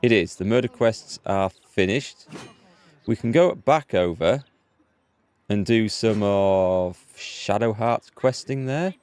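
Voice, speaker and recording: A man's voice: on the low side, lively intonation, slow pace, darkish tone, smooth. Chatty man from northeast England streaming. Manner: chatty, self-deprecating, thinks aloud. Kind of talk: casual live-stream commentary.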